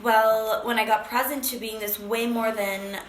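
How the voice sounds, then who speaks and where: Animated woman telling a personal story. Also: on the high side, unhurried, roomy sound, slight background noise, rough recording. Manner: animated, acts out phone calls, many fillers. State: briefly tearful. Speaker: speaker sharing a personal story.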